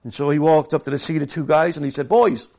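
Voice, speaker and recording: A man preaching a sermon. He drops to hushed, slow scripture reading and then builds to loud, lively storytelling. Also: fairly high pitch. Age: adult, former professional soccer player.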